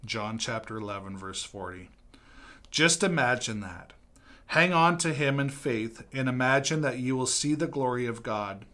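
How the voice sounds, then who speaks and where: Bright-voiced man giving a devotional. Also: mid-range voice. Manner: earnest, repeats key lines for emphasis. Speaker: pastor. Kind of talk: devotional talk, reading aloud from a book.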